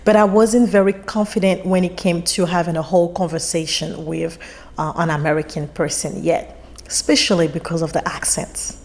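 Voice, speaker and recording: A woman's voice: lowish voice, normal speed. A woman in her thirties from Ivory Coast, a native French speaker, telling stories as a guest in a casual interview. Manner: animated storyteller, laughs while acting out exchanges.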